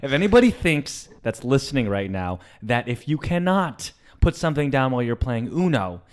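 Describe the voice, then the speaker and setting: A man co-hosting a comedy podcast, talking in animated, profane rants and joking around. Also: mid-range voice, normal speed. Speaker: podcast co-host. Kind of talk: casual comedy chat.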